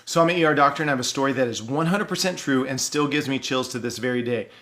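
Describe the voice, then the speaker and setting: A man, an ER doctor, earnestly recounting a true story from work in a measured, pausing way. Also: mid-range voice, a bit bright. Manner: earnest, measured, pauses for effect. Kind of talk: personal storytelling.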